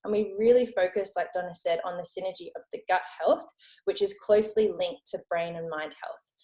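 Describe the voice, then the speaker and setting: Lower-voiced woman in her late twenties. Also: a little fast, warm tone. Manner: friendly, informal presentation with many fillers. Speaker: network marketing consultant. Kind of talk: presenting on a video call.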